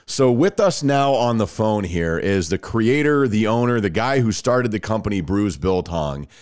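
A man's voice: on the low side, clear, resonant tone. A man hosting a podcast, talking casually and chatting in a laid-back way with lots of fillers. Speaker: podcast host. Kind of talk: casual interview with ad read.

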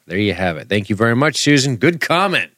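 A man with a lowish voice co-hosts a podcast in easygoing chat. He is relaxed and casually profane, and he reads listener comments aloud. The sound is dry and close, with no room around it. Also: quick pace, no echo. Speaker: podcast co-host.

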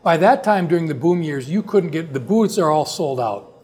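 A man, a company co-founder, tells a long business story in a relaxed conversation, often restarting his sentences. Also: fairly high pitch, moderate pace, husky. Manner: long rambling anecdotes with frequent restarts.

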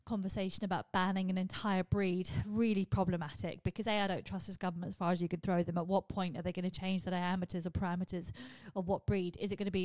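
A young woman, a comedian hosting a podcast, ranting in a casual, animated and sweary monologue. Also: on the low side, fast talker, hardly any pauses, no room sound.

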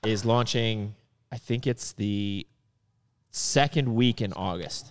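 A man co-hosting a casual podcast, excitable and swearing casually. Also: fairly low pitch, slow pace, in a large hall. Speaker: podcast co-host. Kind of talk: casual chat.

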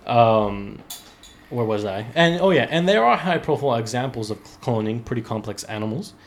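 A man hosting a relaxed podcast, working his way through a news article. He reads in a loose, chatty way, tripping over words and breaking off for profane asides to his friends. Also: mid-range voice, moderate pace. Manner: loose, laughing, profane, restarts while reading. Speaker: podcast host. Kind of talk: casual podcast chat, reading an article.

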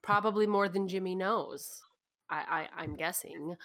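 A woman improvising a starship first officer. She talks in an excitable way and bargains quickly. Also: fairly low pitch. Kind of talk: improvised sci-fi role-play.

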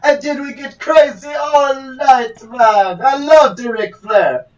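A man's voice: very high-pitched, slow pace. A man voicing a boastful fake foreign lawyer who talks in broken English. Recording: distant from the mic.

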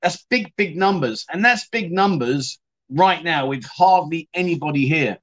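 A man's voice: a little high, lively intonation, unhurried, a bit bright, muffled recording. Chatty man hosting a livestream. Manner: chatty, rambling, says "mate" often. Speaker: livestream host. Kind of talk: casual livestream chat, reading viewer comments.

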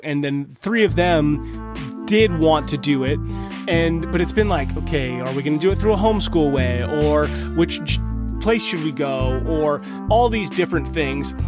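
A man in his thirties, hosting a podcast, telling a personal story in an earnest, conversational way. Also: a little high. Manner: earnest, conversational, with frequent restarts. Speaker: podcast host. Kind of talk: casual storytelling monologue.

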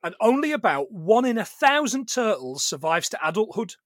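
A British man co-hosting a casual film podcast, sweary and animated, often slipping into silly quoted voices. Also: sits high, moderate pace, no echo, clean studio sound. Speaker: podcast co-host. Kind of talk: casual film commentary chat.

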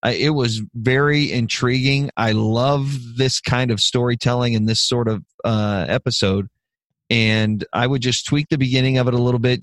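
A man's voice: medium pitch, dry recording, studio quality. A man co-hosting a podcast who gives enthusiastic feedback and laughs easily as he talks. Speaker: podcast co-host giving feedback. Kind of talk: casual chat.

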